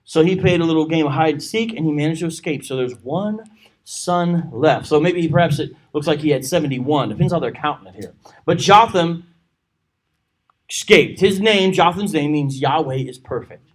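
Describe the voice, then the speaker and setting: A man's voice: a little high, moderate pace. A man teaching a church Bible study, reading scripture aloud with joking asides. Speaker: pastor.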